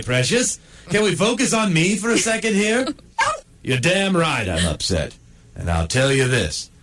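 A man's voice: mid-range voice, fairly bright tone. A man voicing a grumpy, sarcastic male dog stuck in a cone, in a comedic inner monologue. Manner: sardonic, self-pitying and crude.

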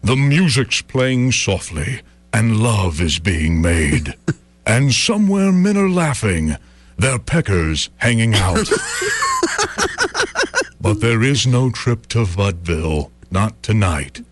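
A man recites a comic poem in a grand mock-epic style, his pitch swinging wildly from line to line. He talks slowly and deliberately, and the sound is close and dry, with no room around it. Laughter from an audience rises between the verses. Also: very animated, dry recording. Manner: mock-epic poetic delivery with rhythmic pauses. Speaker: comedian.

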